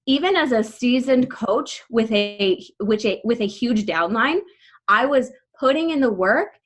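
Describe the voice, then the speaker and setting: A woman in her thirties leading a team call, telling a personal story quickly and breathlessly, full of "like" fillers, her voice shaking with emotion. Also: on the high side, expressive. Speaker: team leader speaking to her coaching team.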